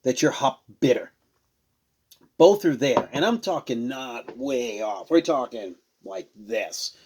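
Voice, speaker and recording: A man's voice: medium pitch, animated, takes it slowly, a little mellow, husky. A man casually reviewing and tasting beers on a show he hosts, rambling and searching for words as he goes. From Rhode Island. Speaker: beer reviewer.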